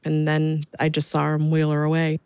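A young woman and new mother recalling her birth in an interview, halting and repeating herself. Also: low voice, monotone, darkish tone, clear, resonant tone, no room sound. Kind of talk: interview recollection.

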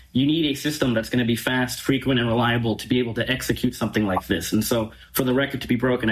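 A man's voice: medium pitch, rough recording. Eager young man chatting on radio. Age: young adult. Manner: eager, talkative with fillers. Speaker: interview guest. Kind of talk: radio interview.

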